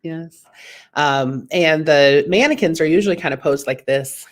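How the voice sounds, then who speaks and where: A woman's voice: low voice, unhurried. A woman doing a chatty, self-deprecating stand-up comedy set over a video call, with lots of fillers.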